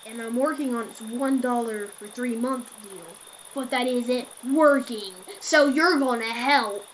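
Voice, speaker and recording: A woman voicing a menacing male prank caller who makes loud, slow, bullying demands. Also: fairly high pitch, a little hiss or hum, close to an everyday voice, low-quality recording.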